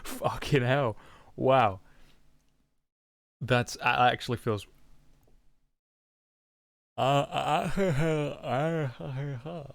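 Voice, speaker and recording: A man's voice: medium pitch, steady tone, extremely slow, gravelly, pauses often, no room sound. A man streaming casually, crude and joking, full of exclamations. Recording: music playing behind.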